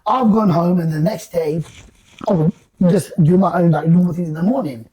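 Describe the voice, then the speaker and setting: A man telling a story in casual talk, animated and slangy, acting out the voices of the people in it. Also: on the high side, moderate pace, highs cut off, crowd noise. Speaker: guest storyteller.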